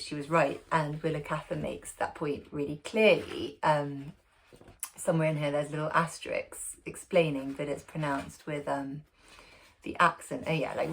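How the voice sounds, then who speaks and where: Woman book club host, lowish voice, casual chat to camera at home, lots of ums and asides. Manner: chatty, warm asides, many ums and restarts. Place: at home, sitting in a dog's bed.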